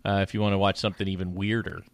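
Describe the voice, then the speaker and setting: A man's voice: low-pitched, flat delivery, racing, no room sound. A young man, co-hosting a podcast in casual chat, rambling and joking as he tells stories. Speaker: podcast co-host.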